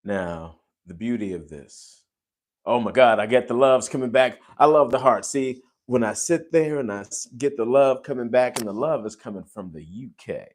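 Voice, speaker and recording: A man hosting a casual livestream chat, effusive and gushing, breaking into sudden loud exclamations. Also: medium pitch, normal speed. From United States. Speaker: host.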